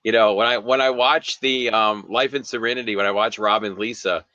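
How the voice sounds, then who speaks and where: Casting: man, bright forward voice, giggly podcast host, dry lo-fi sound. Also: on the low side, fairly even intonation, brisk, dry recording. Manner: giggly, reads chat comments aloud. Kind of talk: casual chat, reading viewer comments. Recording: dull lo-fi sound.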